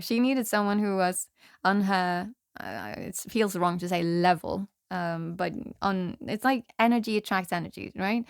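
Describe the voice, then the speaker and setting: A woman's voice: medium pitch, vocal fry, no room sound, clean studio sound. A woman from Norway, a tarot reader, telling a tale in rambling casual chat, laughing often and breaking off her own sentences.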